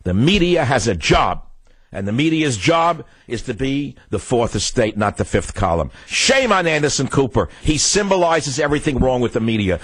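A man's voice: mid-range voice, husky, no room sound. A man hosting a political talk radio show, ranting heatedly and repeating phrases for emphasis. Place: radio studio.

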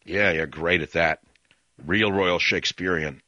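A man's voice: sits low, steady tone, moderate pace, bright, forceful tone, dry recording. An older man hosting a radio talk show, rambling and sarcastic as he airs his opinions in a monologue.

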